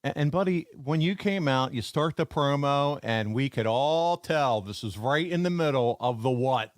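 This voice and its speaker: A man's voice: mid-range voice, animated, moderate pace, no echo. A man hosting a podcast, asking questions in an enthusiastic, conversational way. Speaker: podcast host. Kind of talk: casual interview.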